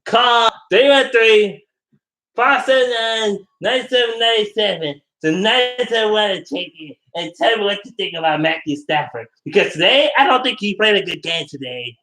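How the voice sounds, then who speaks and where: A man doing a mocking impression of a slow, smug, rambling male sports radio host. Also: sits high, animated, bright, forceful tone, voice pushed up, exaggerated voice. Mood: droning. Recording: roomy echo.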